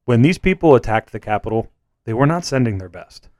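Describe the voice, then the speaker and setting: A man's voice: medium pitch, animated, brisk, a little mellow, dry recording, studio quality. A man in casual conversation who jokes, laughs often and uses lots of fillers. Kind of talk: casual chat.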